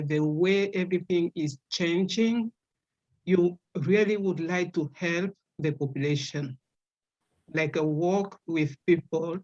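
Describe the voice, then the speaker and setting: A speaker with a strong French accent on a video call, talking in a casual, halting way with many fillers and restarts. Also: mid-range voice, lo-fi sound. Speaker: webinar participant. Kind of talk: casual spoken remarks.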